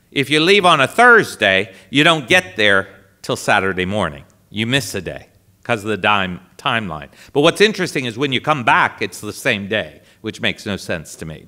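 A man's voice: on the high side, bright, forceful tone. A middle-aged man, a priest, telling a comic travel story to an audience and acting out the dialogue. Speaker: priest and speaker.

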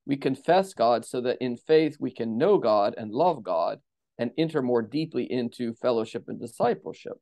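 A man speaks as a podcast guest with a mid-pitched voice, explaining in a steady, lecturing way. His answers unfold at length and carefully. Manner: measured, explanatory, lecturing cadence. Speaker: theologian guest.

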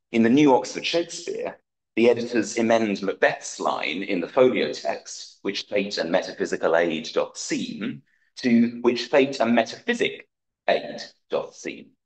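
A man giving a conference talk, reading an academic paper aloud in a measured, precise way with dry wit. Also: fairly low pitch, rough recording. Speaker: conference speaker.

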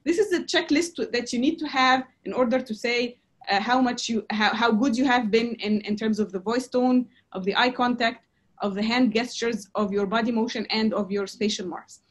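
A woman teaching presentation skills in a lecture, talking in a halting way with many fillers and restarts. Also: fairly high pitch. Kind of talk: lecture to a class.

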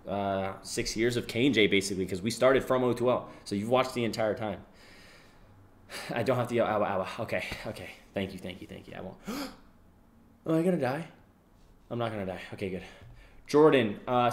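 A young man live-streaming, casually reading out donations and thanking viewers, swearing freely and yelling when a game goes wrong. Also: lowish voice. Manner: excitable, swears freely, yells during gameplay. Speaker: livestreamer.

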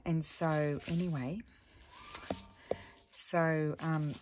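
Middle-aged woman, low voice, rambling chat, restarts often, faint hiss behind. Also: steady tone, extremely slow. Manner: rambling storytelling with many restarts; sometimes drops to a hushed voice. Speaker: crafting vlogger. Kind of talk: casual chat while crafting.

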